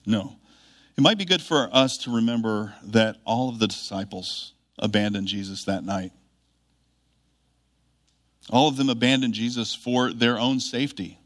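Earnest male preacher, measured delivery. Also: mid-range voice, a bit bright. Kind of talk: sermon.

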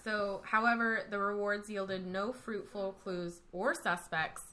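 Bright-voiced woman podcast host. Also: medium pitch, fairly even intonation, a little slow, slight background noise. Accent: Texan, usually hidden. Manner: reads notes aloud, laughs often. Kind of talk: casual true-crime chat.

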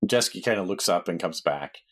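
A man's voice: low-pitched, animated, fairly quick, a bit bright. A man narrating as game master in a tabletop game, easygoing and casual, laughing often.

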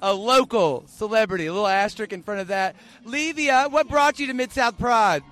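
High, bright campy male interviewer. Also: brisk, soft background music. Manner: flamboyant, teasing, showers people with endearments. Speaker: festival interviewer.

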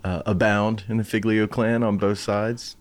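A man's voice: on the low side, level tone, unhurried. A man interviewing a guest, prompting him with curious questions in a casual way.

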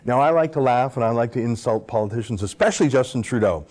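A Canadian man hosts political commentary, speaking quickly in a mid-range, slightly mellow voice. His monologue is opinionated and packed with sarcastic asides and rhetorical questions.

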